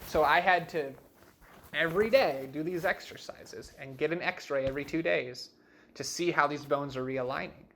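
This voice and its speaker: A young man telling his life story in an interview, in a casual, animated way, full of "like" and "you know what I mean", and acting out the dialogue he quotes. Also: fairly high pitch, normal speed, slight background noise. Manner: acts out quoted dialogue in shifting voices.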